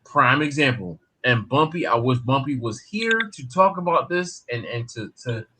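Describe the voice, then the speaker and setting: A man's voice: mid-range voice, husky. A man hosting a live group chat, telling a story and acting out the people in it, with frequent restarts. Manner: animated, acts out the people in his stories; repeats and restarts words as he talks. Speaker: barbecue cook and show host.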